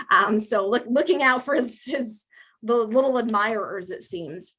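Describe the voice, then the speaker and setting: A woman's voice: a little high, slow pace, fairly bright tone, slightly rough. Chatty woman giving a history talk. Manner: chatty, amused, with many fillers. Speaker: museum lecture speaker. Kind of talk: public history talk with slides.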